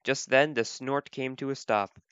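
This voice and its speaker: Guy reading a kids book out loud, gentle and clear, kinda muffled dry recording. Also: mid-range voice, steady tone, unhurried, no echo. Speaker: volunteer reader. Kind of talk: children's storybook read-aloud.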